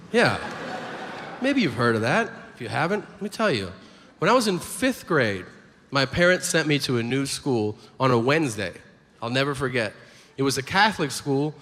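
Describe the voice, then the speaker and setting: A man in his forties doing a stand-up routine, telling stories animatedly and acting out characters with sudden high-pitched outbursts. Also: fairly bright tone. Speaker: stand-up comedian. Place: large comedy venue with audience. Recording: live stage recording in a reverberant hall with ambient noise.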